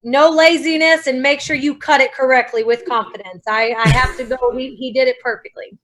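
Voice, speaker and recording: A woman panelist speaking briskly and confidently in casual talk. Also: sits high, fairly even intonation, a bit bright.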